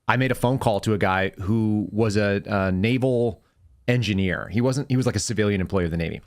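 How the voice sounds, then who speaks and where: A man hosting a podcast, telling rambling anecdotes in casual chat, with quick self-corrections. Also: lowish voice, dry recording, studio quality. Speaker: podcast host, former FBI agent.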